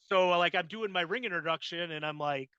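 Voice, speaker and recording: Male host, casual chat, rambling, crisp dry sound, very bright tone. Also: sits high, brisk, dry recording, muffled recording. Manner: rambling, full of "like" and restarts. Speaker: podcast host.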